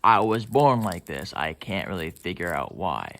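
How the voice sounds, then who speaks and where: Kid putting on a sad lil tomato dude, low quiet mumbly voice, slow. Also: very animated, exaggerated voice. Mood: gloomy. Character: gloomy male tomato toy fighter.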